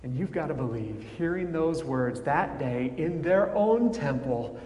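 A man preaching a sermon as pastor, measured and full of dramatic pauses, with wry asides. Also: fairly high pitch, animated, darkish tone. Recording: echoey hall with faint ambience.

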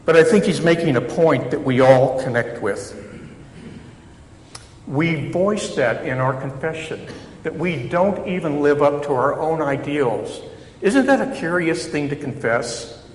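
A man's voice: a little high, animated, measured pace. A man, a chaplain, preaching a sermon in a church in a conversational, reflective way with self-deprecating humor. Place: church sanctuary. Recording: echoey hall reverb, faint background noise.

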